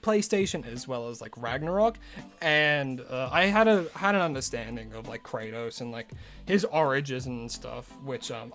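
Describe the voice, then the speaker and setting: Chatting casually on a live stream over quiet game music, this man speaks in a fairly high pitch. His talk is loose and rambling, packed with "like" and false starts.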